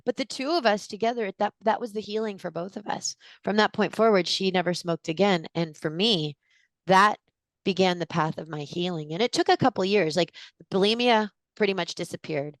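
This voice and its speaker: A woman in her forties, a guest in an interview, telling a personal story in an animated way and acting out what people said. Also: medium pitch, moderate pace, dry recording. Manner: animated storyteller, acts out quotes with gasps.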